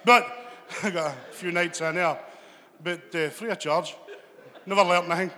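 Bright-voiced Scottish comic in a hall. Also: male voice, high voice, moderate pace. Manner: chatty, teasing the crowd, rambling asides. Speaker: stand-up comedian. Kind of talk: stand-up comedy set. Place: live venue with audience. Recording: long reverb from a hall.

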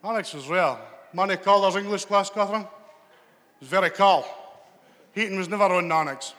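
Teasing the crowd in a rambling, chatty stand-up set, this Scottish comic has a high-sitting, fairly bright voice at normal speed. The live venue recording carries a long reverb from the hall.

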